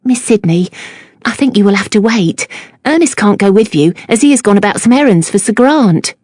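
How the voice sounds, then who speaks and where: A woman's voice: medium pitch, animated, moderate pace, darkish tone, dry recording, voice pushed up, natural voice. Anxious cookmaid voiced by a woman, hesitant and fretful, period storybook character, dry recording. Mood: worried. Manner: hesitant, worried.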